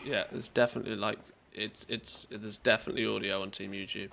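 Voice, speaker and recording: A man's voice: lowish voice, little pitch movement, fairly quick, vocal fry, pushed and bright, slight background noise. A man streaming live, talking casually and rambling, restarting his thoughts mid-sentence.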